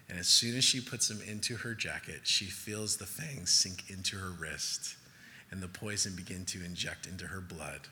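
Male pastor, sermon, urgent and emphatic, very bright tone, long hall reverb. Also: low voice. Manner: emphatic, rising to urgent peaks, then hushed storytelling.

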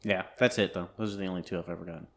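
Young man, low voice, laid-back, hesitant in banter with friends. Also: steady tone, very fast, a bit bright. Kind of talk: casual chat.

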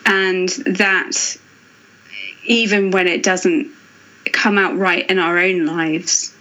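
A woman author speaking as a guest, thoughtful and earnest, pausing and restarting as she reflects on faith. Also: fairly low pitch, steady tone, pushed and bright, low-quality recording. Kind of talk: reflective faith podcast conversation.

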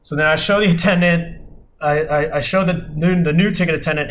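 A man's voice: on the high side, fairly even intonation, fairly quick, a bit bright, slight background noise. A young man hosting a podcast, telling a travel mishap in a casual, rambling way with lots of fillers and restarts. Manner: rambling, many fillers and restarts, exasperated retelling. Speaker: podcast host. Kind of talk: casual storytelling.

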